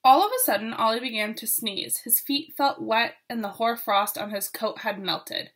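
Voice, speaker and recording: A woman reading a picture book aloud to children, expressive and with asides to her listeners. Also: on the high side, normal speed. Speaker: storyteller.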